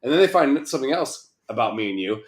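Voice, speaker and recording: A man's voice: mid-range voice, sing-song, fast, reverberant. A man co-hosting a podcast, rambling and joking with plenty of swearing. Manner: rambling, profane, jokey. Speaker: podcast co-host. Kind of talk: casual chat.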